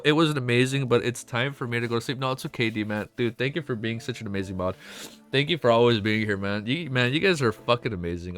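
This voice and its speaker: A young man streaming to his chat, excitable and emotional, swearing often and reading chat messages aloud. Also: medium pitch, no room sound. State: emotional, close to tears. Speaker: streamer reacting to a web novel. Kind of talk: casual live-stream chat.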